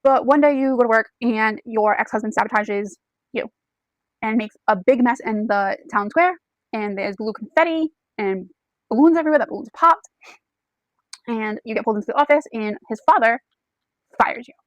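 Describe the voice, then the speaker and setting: A woman's voice: a little high, moderate pace, no echo, highs cut off. Chatty woman reviewing a book. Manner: chatty, frequent "okay?" check-ins and fillers. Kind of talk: casual spoken book review.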